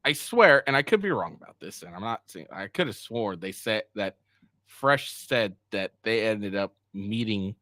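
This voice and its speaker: A man commenting live on an online drama, reading screenshots verbatim and cutting in with crude, mocking remarks. His voice jumps up and down in pitch as he reacts. The sound is dry and close, with no room echo. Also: lively intonation, moderate pace, bright, forceful tone. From Asian heritage. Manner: profane, mocking, reads texts aloud verbatim. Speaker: streamer reacting to a podcast drama.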